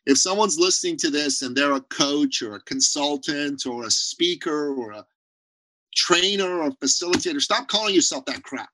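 A man as a podcast guest on a video call, talking in an emphatic, blunt way and telling animated stories. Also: fairly high pitch, normal speed, dry recording, poor audio. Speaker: podcast guest, business owner. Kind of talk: energetic interview talk.

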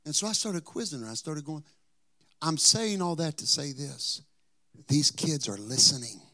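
Pastor guy preaching, storytelling, drops to hushed asides then pushes hard on points. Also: on the high side, expressive, normal speed. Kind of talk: sermon with personal storytelling.

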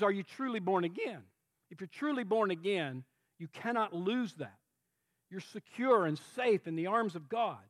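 A middle-aged man preaching a sermon as pastor, impassioned, swinging from soft tender lines to shouted cries. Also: high voice, dry recording.

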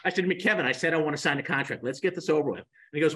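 A man in his sixties, a podcast guest, telling animated stories and acting out the dialogue. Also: mid-range voice, racing, few pauses, husky, poor audio. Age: 60s. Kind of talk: storytelling in a podcast interview.

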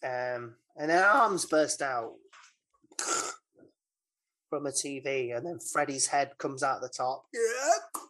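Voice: mid-range voice, big pitch swings, slow, pauses often, a bit bright. A podcast co-host casually recapping a horror film, rambling with asides and mimicked lines.

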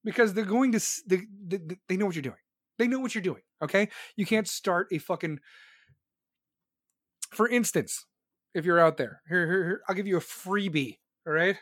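A man's voice: high voice, moderate pace, fairly bright tone, no echo, studio quality. A man from the United States delivering a heated, profane rant, lecturing and repeating himself.

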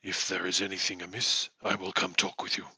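A man's voice: deep voice, husky, no echo, exaggerated voice. A game master voicing a very old, sedate and wise male minister in a tabletop game. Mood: calm authority. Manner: calm, measured authority.

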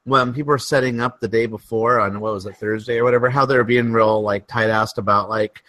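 Bright loose-talking man. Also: medium pitch, steady tone, fairly quick, no echo. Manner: loose, laughing, full of "like". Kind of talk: casual chat.

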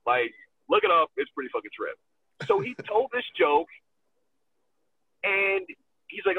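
A man telling a road story as a guest in casual talk, animated and profane, acting out quotes and laughing often, heard over a phone line. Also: high-pitched, gravelly, breathy edge, no echo. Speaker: wrestler guest. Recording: tinny phone-line sound.

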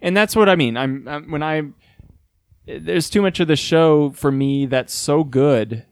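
A man co-hosting a casual podcast chat, explaining his views in a measured way. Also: a little high, clean tone, dry recording, clean studio sound. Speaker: podcast co-host.

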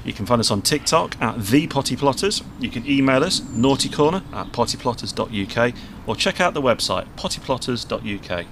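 Brisk gravelly man reading contact details. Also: medium pitch, expressive, fairly bright tone, slight background noise. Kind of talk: casual chat.

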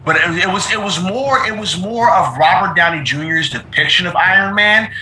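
A man chatting casually on a podcast, emphatic and quick to laugh, repeating himself as he talks. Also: sits high, sharp tone, echoey room, slight background noise, rough recording. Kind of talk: casual chat.

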